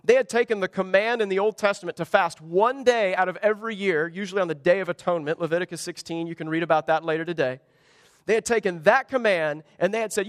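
High-voiced man preaching a sermon. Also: fairly quick, no room sound, clean studio sound, big-room sound. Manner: animated preaching with wide swings in pitch and volume. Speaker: pastor. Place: church sanctuary.

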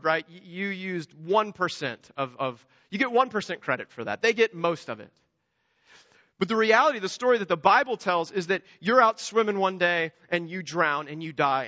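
A man preaching a sermon, animated, moving between loud emphasis and hushed storytelling. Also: high voice. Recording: dull lo-fi sound with long hall reverb.

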